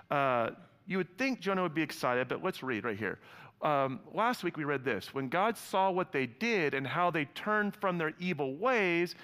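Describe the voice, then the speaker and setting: A man preaching a sermon as pastor, chatty and playful, joking with his congregation between announcements and scripture. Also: a little high. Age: adult with young sons. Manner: lively, joking, conversational preaching. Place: church hall before a congregation. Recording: long hall reverb.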